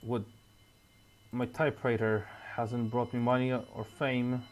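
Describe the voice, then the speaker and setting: A man reading the lines of a drunk, scheming failed writer from the 1940s, muttering low, with a faint hiss behind. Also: little pitch movement, measured pace, lightly acted. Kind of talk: reading game dialogue aloud.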